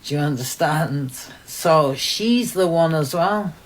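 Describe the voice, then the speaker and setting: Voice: mid-range voice, animated, slow pace, background noise. A live streamer gossiping and explaining things at length in a casual way.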